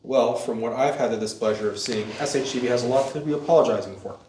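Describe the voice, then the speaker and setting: A man with a dry, dismissive delivery, talking quickly. His voice sounds echoey, as if the room is bare, with a faint hum of ambience behind him. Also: mid-range voice, a little mellow. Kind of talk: scripted school video skit.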